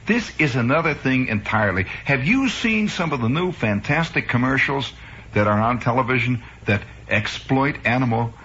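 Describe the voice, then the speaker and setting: A man's voice: mid-range voice, fairly bright tone, slight background noise. A man in his forties from Chicago, a radio host rambling through a wry, improvised comic monologue. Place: radio studio. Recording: muffled 1960s radio broadcast.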